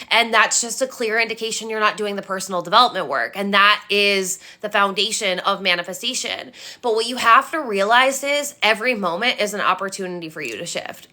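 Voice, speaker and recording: Young female life coach, punchy delivery, sharp bright tone, lots of swearing and repetition. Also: medium pitch. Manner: emphatic, blunt, swears freely; preachy, repetitive. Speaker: manifestation coach. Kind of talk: motivational monologue.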